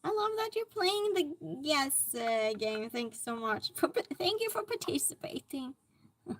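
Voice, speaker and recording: High-voiced, unhurried woman streamer. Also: big pitch swings, a little hiss or hum. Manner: chatty, reacting to chat comments aloud. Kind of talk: casual live-stream chat.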